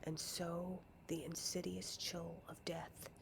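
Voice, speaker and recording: A woman reading a storybook aloud in a deliberate way, often dropping into a hushed whisper. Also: on the low side, level tone, creaky, a little hiss or hum. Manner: slow, deliberate, often slipping into a hush. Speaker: narrator.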